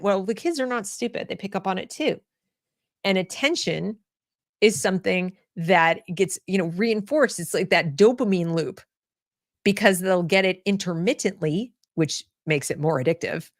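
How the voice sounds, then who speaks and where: A woman's voice: lowish voice, lively intonation, normal speed, no echo, clean studio sound. A woman hosting an opinion commentary show, talking bluntly, often repeating words and restarting her sentences. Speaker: host.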